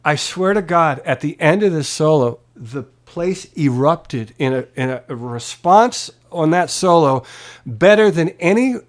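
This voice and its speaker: This guest musician, interviewed in a private home, has a voice on the high side and speaks unhurriedly. He relates a long story in a casual, animated way, cursing freely and doing the voices of the people he quotes.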